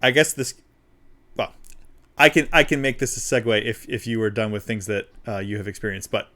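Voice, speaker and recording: A man's voice: fairly low pitch, fairly even intonation, fairly quick, bright, forceful tone. A man co-hosting a live-streamed talk show, chatting in an easygoing way and laughing often. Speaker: podcast co-host. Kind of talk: casual chat.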